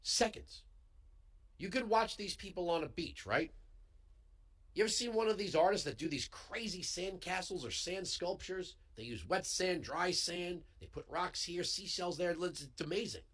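A male talk show host delivering a heated political commentary monologue into a studio microphone, emphatic and building to yells. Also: high-pitched, normal speed, slightly rough. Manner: heated, emphatic, swings into yelling. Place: radio studio. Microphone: studio broadcast microphone.

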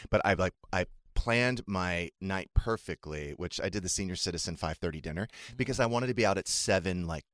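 A man co-hosting a radio talk show, chatting casually and telling animated stories with quoted dialogue. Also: low-pitched, brisk, no room sound, clean studio sound. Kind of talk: casual chat.

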